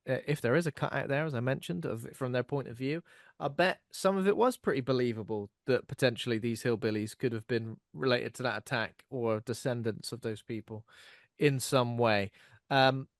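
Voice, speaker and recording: A man's voice: mid-range voice, no room sound, studio quality. Man retelling a film scene. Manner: animated retelling, acts out lines. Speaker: podcast co-host. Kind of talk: casual film discussion.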